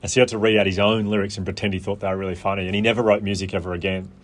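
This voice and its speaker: Fields: Sex: man. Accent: Australian. Role: podcast guest. Style: casual chat, animated storytelling. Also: fairly low pitch. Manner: animated storytelling, quick asides and laughter.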